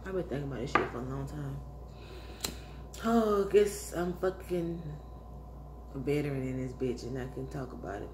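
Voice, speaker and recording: A woman vlogger rambling in a casual monologue, musing and swearing, sighing often and sometimes dropping into soft whispers. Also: very deep voice, moderate pace, pauses often. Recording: echoey room with background noise.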